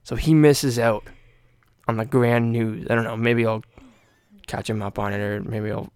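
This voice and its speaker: Casual young male podcast host: rambling, profane, gravelly voice, dry room. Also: medium pitch, flat delivery, moderate pace, pauses often, darkish tone, no room sound. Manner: rambling, profane, many fillers.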